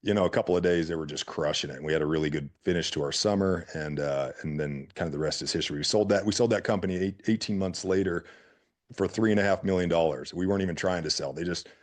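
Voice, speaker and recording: A deep-voiced man from Utah tells his business stories at a quick clip. He is an animated guest who slips into quoted voices as he talks. His delivery stays casual and conversational throughout. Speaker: guest entrepreneur. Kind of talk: casual storytelling.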